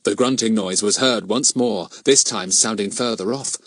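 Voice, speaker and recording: A man reads a children's mystery audiobook aloud in an animated storytelling style. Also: on the low side, normal speed, dry recording. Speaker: audiobook narrator. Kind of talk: scripted narration.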